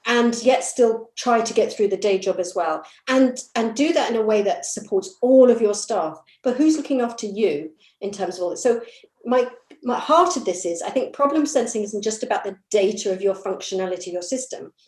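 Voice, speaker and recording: A British woman chairing a panel, asking long, halting, searching questions. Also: medium pitch, lively intonation, darkish tone. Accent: British English. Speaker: session chair. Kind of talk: panel moderation. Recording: roomy echo.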